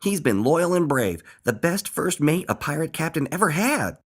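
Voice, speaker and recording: A man's voice: a little high, sing-song, normal speed, husky, voice pushed up. A man voicing a playful male hedgehog who pretends to be a pirate captain, talking in a bold, theatrical way. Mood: warm. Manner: bold, theatrical, bellowing orders.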